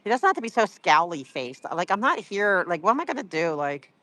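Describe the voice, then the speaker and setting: Casual livestream host, teasing and rambly; bright, forceful voice, dry close phone sound. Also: medium pitch, sing-song, a little fast, no room sound. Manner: rambling, full of "like" and "you know"; teasing, chatty. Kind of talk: casual livestream chat with viewers.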